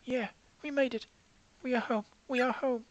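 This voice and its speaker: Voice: high-pitched, normal speed, dull audio, voice pushed up, lightly acted. A game reader voicing a frightened, homesick teenage schoolgirl in a pleading, shaken way. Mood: disbelieving, relieved. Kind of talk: reading game dialogue aloud. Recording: steady background hiss.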